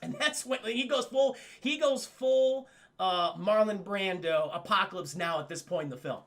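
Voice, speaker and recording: A man's voice: high-pitched, normal speed. A man casually recapping a film for his live-stream chat, swearing often and talking to the chat directly. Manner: profane, excitable, keeps addressing the chat.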